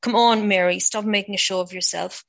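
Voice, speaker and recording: A woman's voice: mid-range voice, steady tone, brisk, creaky, close to an everyday voice. A woman reading the lines of a bitter, scornful older father in an audiobook-style reading. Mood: commanding. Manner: cold, contemptuous.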